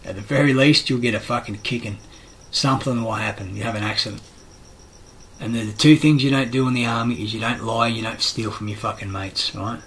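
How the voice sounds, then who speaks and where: A man's voice: medium pitch, fairly quick, fairly bright tone, slight background noise, poor audio. A middle-aged Australian man in a rambling, profane monologue, blunt and aggrieved, swearing constantly.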